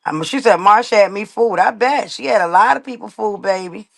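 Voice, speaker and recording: A woman's voice: mid-range voice, fairly quick, vocal fry, dry recording, clean studio sound. A woman hosting a casual livestream rant, blunt and profane, repeating her points for emphasis. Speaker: livestream host. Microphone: laptop mic on a live stream.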